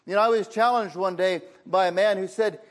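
High-voiced man preaching conversationally. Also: steady tone, a little fast. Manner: plain conversational preaching, frequent "you know" fillers. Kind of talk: sermon. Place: room with an audience.

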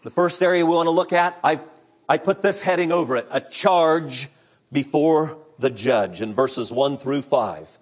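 A middle-aged male pastor preaching an earnest sermon, moving between loud emphatic passages and hushed, low storytelling. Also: measured pace. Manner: earnest, preacherly retelling of scripture.

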